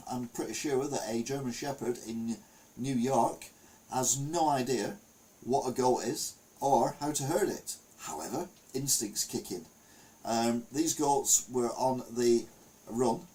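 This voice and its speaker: An older man hosting a live stream, reading the week's news aloud and adding wry, deadpan asides between frequent ums. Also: mid-range voice, poor audio.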